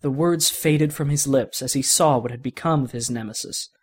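A man hosting a podcast and reading a fan fiction story aloud in a steady, conversational way. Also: medium pitch, moderate pace, husky. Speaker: podcast narrator.

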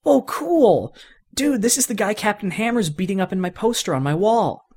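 A man voicing an excited young boy who loves toys, with an eager, boyish manner. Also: high voice, moderate pace, pitched above the performer's own voice.

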